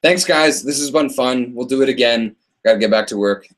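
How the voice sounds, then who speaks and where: A man rambles through a casual live Q&A stream at a middling pitch. He is chatty and loose, and laughs often between his answers to viewers. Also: fairly quick, a bit bright. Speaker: host of a live ask-me-anything stream.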